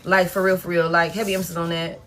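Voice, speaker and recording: A woman's voice: fairly low pitch, level tone, fast, fairly bright tone, a little hiss or hum. A woman giving a casual live tarot reading, blunt and frank, swearing freely and repeating herself for emphasis. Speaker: tarot reader.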